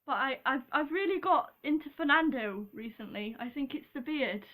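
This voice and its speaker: A woman's voice: high-pitched, animated, moderate pace, a bit bright. A young woman from Britain chatting casually on a vlog, giggly and rambling, with lots of ums and apologies. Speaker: vlogger. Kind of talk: casual chat.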